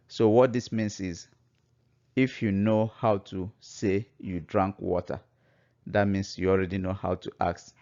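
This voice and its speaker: A man's voice: sits low, steady tone, unhurried, warm tone. A man teaching a language lesson, patiently explaining and repeating each phrase. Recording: dull lo-fi recording.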